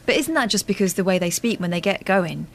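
A woman co-hosting a radio show in a middle-pitched voice. She chats and reads listener messages aloud, sounding chatty and mock-indignant. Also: animated, fast, slight background noise. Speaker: radio co-host. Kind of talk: casual radio chat, reading listener messages.

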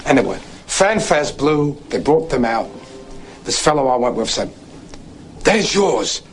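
A man's voice: medium pitch, big pitch swings, measured pace, soft background music. An actor playing a chatty man with a put-on Cockney accent, telling a story about a dog-racing bet in a film scene. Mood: storytelling. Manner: storytelling, addresses listener repeatedly. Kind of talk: film dialogue.

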